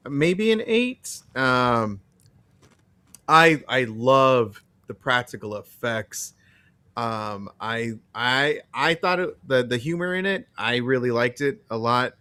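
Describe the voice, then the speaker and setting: A man with a bright, forceful tone, co-hosting a relaxed film review chat. He weighs his opinions slowly, stopping and restarting often. His voice sits in a middle pitch and sounds dry and close to the mic. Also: no room sound. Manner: hesitant, with frequent fillers and restarts. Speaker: podcast co-host.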